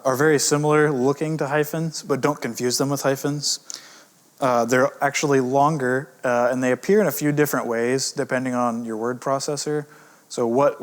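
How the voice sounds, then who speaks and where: Male editor as teacher, relaxed and conversational, middle pitch, slows to stress example words, casual fillers. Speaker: grammar course teacher, editor. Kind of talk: recorded lesson.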